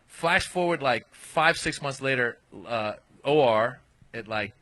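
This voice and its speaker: A man's voice: medium pitch, expressive, measured pace, sharp tone. A male comedian telling a stand-up story on a live comedy podcast, acting out quotes in raised voices. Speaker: comedian guest.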